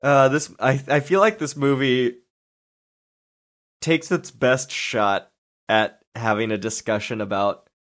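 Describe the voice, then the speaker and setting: A man in an easygoing podcast chat about a film. He is wry and a little mocking as he picks things apart. His voice sits at an ordinary middle pitch. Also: slow, fairly bright tone. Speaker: podcast co-host. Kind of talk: casual movie review chat.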